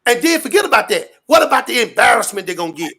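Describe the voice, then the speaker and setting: A man ranting loudly and profanely in street slang, rambling and repeating his catchphrases. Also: very high-pitched, big pitch swings, quick pace. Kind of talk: animated rant to an interviewer.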